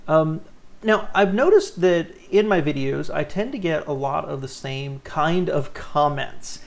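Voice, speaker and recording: A man hosting his car channel, talking straight to camera from his home studio in a sincere, animated way. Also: fairly high pitch, unhurried, vocal fry. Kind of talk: casual talking-head vlog.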